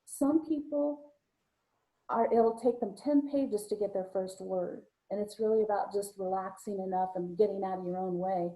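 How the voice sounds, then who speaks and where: A woman's voice: medium pitch, mellow, poor audio. A woman co-hosting a live video-call show as a psychic medium, chatting casually and telling anecdotes with a ready laugh. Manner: chatty storytelling, quick to laugh.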